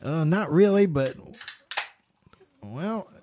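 A man's voice: on the high side, animated, takes it slowly, mellow, slight background noise. A man co-hosting a casual podcast, swearing freely and breaking into fits of laughter. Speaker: podcast co-host. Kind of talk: casual chat.

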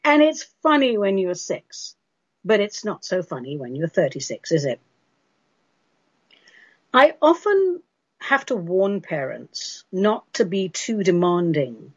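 Answering listeners' questions on the radio, an English woman gives spiritual advice in an emphatic, chatty, casual manner. Her voice sits on the low side and is slightly rough, captured dry on a dull lo-fi recording.

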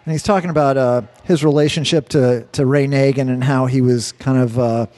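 A man with a mid-range, steady, slightly mellow voice speaks briskly while co-hosting a casual talk show. He rambles and swears, often repeating words as he searches for the right one.

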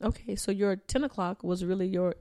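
A woman with a Southern US accent co-hosting a casual podcast, chatty, laughing easily and tossing in quick asides. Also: mid-range voice, fairly even intonation, warm tone, dry recording, studio quality. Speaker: podcast co-host. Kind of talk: casual chat.

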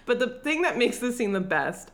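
A woman co-hosting a podcast gives a casual recap of a film. She tells it in an animated, profane way and laughs often as she goes. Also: on the high side, normal speed. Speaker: podcast co-host.

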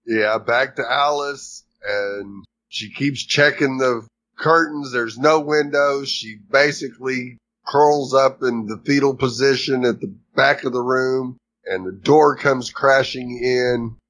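Slow, measured man recapping a show. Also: medium pitch, a bit bright, slight background noise. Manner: slow, measured plot retelling. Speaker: podcast co-host recapping a series. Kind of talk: casual chat.

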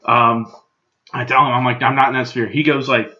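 A man's voice: medium pitch, flat delivery, brisk, bright, forceful tone, lo-fi sound. A young man telling a story at home in a casual, profane, exasperated rant. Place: room at home.

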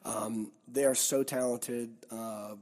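Man, touring musician, casual interview, storytelling, acts out quoted people, lively. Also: medium pitch, takes it slowly. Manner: animated, acts out quoted people in his stories.

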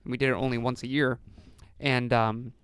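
A young man with a smooth, resonant voice tells a story in relaxed podcast chat, peppering it with "like" and acting out the other people in it. The recording is close and dry, with no room sound. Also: medium pitch, a little fast, dry recording. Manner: storytelling with acted-out quotes and frequent "like". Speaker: podcast co-host. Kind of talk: casual chat, telling a school story.

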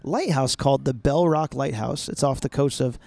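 A man's voice: medium pitch, moderate pace, gravelly, darkish tone, no room sound. A man co-hosting a ministry podcast in casual, joking chat with his co-host. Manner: jokey, banters with co-host.

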